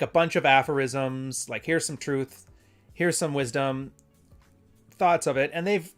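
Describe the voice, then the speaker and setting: A man's voice: mid-range voice, a bit bright. A man hosting a casual solo show, talking in a loose, rambling way and reading passages aloud. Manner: rambling, conversational, self-correcting. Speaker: podcast host.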